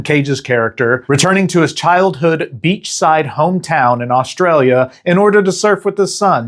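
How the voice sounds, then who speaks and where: A young man hosting his own movie review channel, talking casually with animated, profane asides. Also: a little high.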